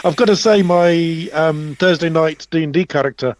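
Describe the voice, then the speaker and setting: A man talking excitedly and swearing a lot in a casual chat among tabletop gamers. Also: on the high side, moderate pace, slight background noise. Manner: sweary, enthusiastic. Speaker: tabletop game player.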